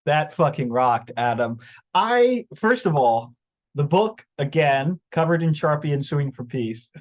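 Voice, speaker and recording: A fairly high-voiced man hosts a reading, gushing with praise while tripping over words and swearing casually. The audio sounds dull and lo-fi. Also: measured pace. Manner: excitable, tongue-tied, swears freely. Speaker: host of a reading event. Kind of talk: casual enthusiastic chat.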